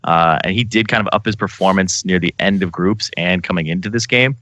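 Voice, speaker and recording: Man, esports analyst, very deep yet bright voice, quick opinionated takes. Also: no echo. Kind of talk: casual panel discussion.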